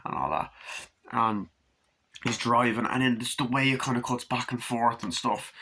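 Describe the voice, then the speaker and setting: A man giving a casual, rambling movie review, swearing freely and acting out scenes in high put-on voices, recorded on a camera mic. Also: fairly even intonation, moderate pace, background noise.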